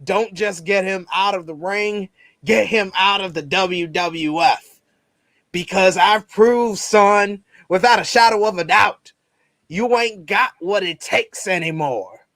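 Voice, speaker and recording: A man doing a gruff Southern male wrestler who cuts a boastful, threatening promo in a put-on drawl. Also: sits high, bright, forceful tone, no echo, studio quality, exaggerated voice. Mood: menacing. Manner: growling threats, drawn-out boasts.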